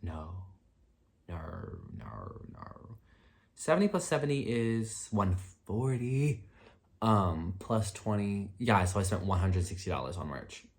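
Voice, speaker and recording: A young man with a slightly low voice chats through a casual storytime vlog. He rambles and leans on filler words. His pitch jumps up sharply when he gets excited. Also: takes it slowly. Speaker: vlogger.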